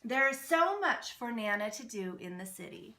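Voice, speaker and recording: A woman's voice: on the high side, big pitch swings, moderate pace, sharp tone. A woman co-hosting a children's storytime channel, talking in an upbeat, friendly way to young viewers. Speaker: storytime host. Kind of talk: children's read-aloud channel chat.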